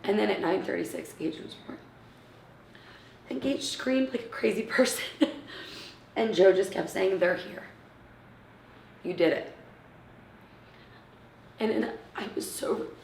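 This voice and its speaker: A woman in her thirties telling an emotional personal story in an interview, acting out what others said and often dropping to a hushed near-whisper. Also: mid-range voice, animated, unhurried, gravelly, pauses often, slight background noise. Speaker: interviewee, mother of premature twins. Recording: roomy, from a distance.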